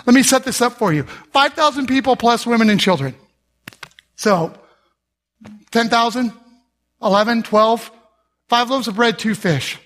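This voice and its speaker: A middle-aged male pastor preaching a sermon, telling the story with humor and acting out the people in it, and rising to shouts for emphasis. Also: very high-pitched, unhurried, long pauses. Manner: animated storyteller, acts out voices with humor.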